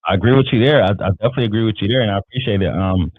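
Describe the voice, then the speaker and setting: A man hosting a live-stream interview, agreeable and halting as he works out his questions aloud. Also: on the low side, husky, no room sound. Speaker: interview host. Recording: tinny dry online call audio.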